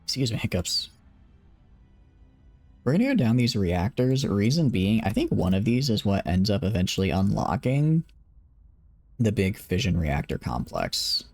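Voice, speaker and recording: A man's voice: fairly low pitch, sing-song, normal speed, a little mellow, soft background music. A tired young man casually commenting on his game during a late-night live stream, rambling and joking at his own expense. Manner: rambling, joking, self-deprecating.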